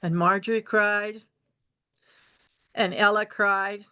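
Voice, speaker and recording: An older woman telling a personal family story aloud, unhurried, repeating phrases for rhythm. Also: medium pitch, steady tone, bright, forceful tone, clean tone.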